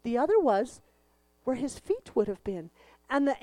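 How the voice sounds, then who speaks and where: A woman's voice: sits high, moderate pace, pauses often, no echo. A woman telling a Bible story to children at church, acting out the voices and leading a song. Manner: expressive, acts out the voices, leads the group in song.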